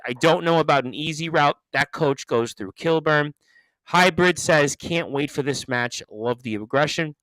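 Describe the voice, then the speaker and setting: A man's voice: medium pitch, a bit bright, clear, resonant tone, no room sound, low-quality recording. A man hosting a sports radio show, reading listener comments and putting questions to his guests. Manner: reads listener comments aloud, upbeat.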